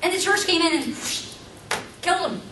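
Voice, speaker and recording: A woman's voice: very high-pitched, moderate pace. Woman teaching a seminar in an echoey room. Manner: emphatic, asks the audience rhetorical questions. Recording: roomy, distant mic, faint background hum.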